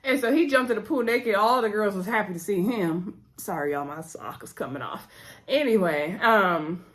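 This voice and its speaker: A woman's voice: medium pitch, expressive, moderate pace. Chatty woman recapping a TV episode. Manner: chatty, addresses viewers as y'all; acts out characters' lines while retelling. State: runny nose. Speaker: TV show reviewer.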